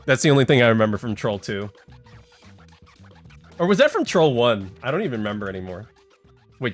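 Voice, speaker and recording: Male streamer, slightly high voice, rambling, excitable, faint music behind. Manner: rambling and excitable, heavy on "like" and "dude"; talks to chat, reads text aloud. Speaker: livestreamer. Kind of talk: casual stream chat.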